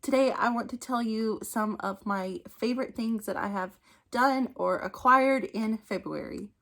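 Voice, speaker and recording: A woman's voice: a little high, unhurried, creaky, a bit bright. A woman, chatting casually in a book vlog at home, talking into a phone camera, laughing often. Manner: chatty, laughs often, distracted by her dog. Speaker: book vlogger. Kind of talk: casual monthly favorites vlog.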